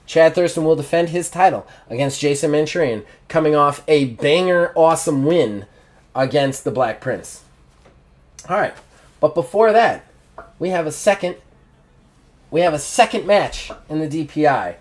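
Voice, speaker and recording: A man's voice: mid-range voice, unhurried, darkish tone. A man casually narrating a solo wrestling role-playing game as its host, describing characters with lots of fillers. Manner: rambling, casual, many fillers. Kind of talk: casual live-play narration.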